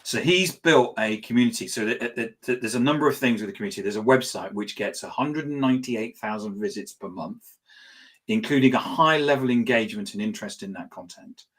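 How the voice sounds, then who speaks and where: A man hosting an interview, introducing his guest in a halting way with repeated words and restarts. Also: mid-range voice, a bit bright. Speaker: host. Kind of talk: casual interview chat.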